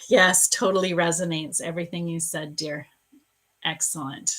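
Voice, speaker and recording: A woman's voice: on the low side, steady tone, moderate pace, fairly bright tone. A middle-aged woman psychic reading for viewers on a live stream, soothing and calling them dear and love. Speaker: psychic reader.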